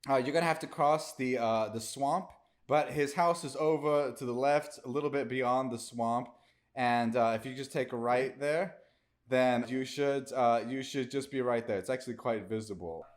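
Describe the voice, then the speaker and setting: A man's voice: medium pitch, moderate pace, natural voice. Penny, a man putting on a chummy demonic clown with a fake British accent. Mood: chatty. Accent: put-on British. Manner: calls everyone mate, rambling with fillers. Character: friendly demonic male clown, chummy guide. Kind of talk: improvised comedy role-play.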